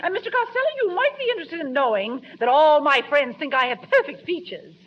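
A woman's voice: sits high, sing-song, fast talker. A woman playing a haughty, vain wife in a 1940s radio comedy. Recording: dull, hissy 1940s broadcast with audience laughter.

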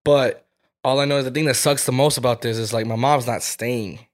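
A man's voice: mid-range voice, fairly even intonation, fairly quick. Young guy cohosting a podcast, opening up about family stuff, cusses a lot. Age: 20s. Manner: candid storytelling, heavy swearing. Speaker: podcast co-host. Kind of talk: casual chat.

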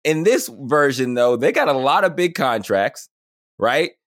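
Thirties male co-host, casual sports banter, mid-range voice, animated. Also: mid-range voice. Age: 30s. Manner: animated, laughs often, quick asides. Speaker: podcast co-host.

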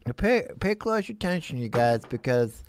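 A man hosting a playful live stream with jokey, energetic banter. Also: mid-range voice, moderate pace. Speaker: host.

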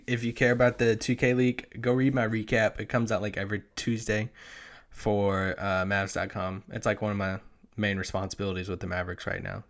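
Lower-voiced man in relaxed podcast chat. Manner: relaxed, many "like" fillers, easy laughs. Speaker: podcast co-host. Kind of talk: casual sports podcast chat.

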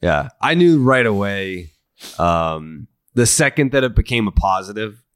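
A man's voice: fairly low pitch, big pitch swings, measured pace, clean tone, dry recording, clean studio sound. A man co-hosting a casual baseball podcast. He talks in a conversational, profane and analytical way. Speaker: podcast co-host. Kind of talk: casual sports chat.

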